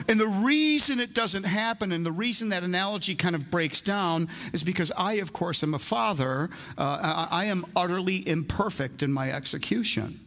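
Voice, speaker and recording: Bright-voiced, emphatic male preacher. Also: high voice. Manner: emphatic, conversational, repeats key phrases. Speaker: pastor. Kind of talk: sermon. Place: church service before a congregation.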